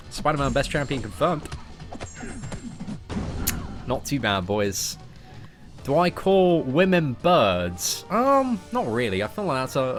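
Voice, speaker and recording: A young man with an English accent chats with his viewers while he games, joking and tossing out "mate" and "boys." His voice sits at an everyday middle pitch, and soft game music plays faintly underneath. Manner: jokey, chatty, calls listeners mate and boys. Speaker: gaming streamer. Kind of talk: casual live-stream chat while gaming.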